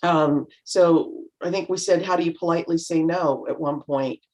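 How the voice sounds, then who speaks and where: A middle-aged woman on a video call, chatting reflectively as a panel guest and acting out remarks in lively voices. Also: on the low side, normal speed. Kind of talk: casual chat.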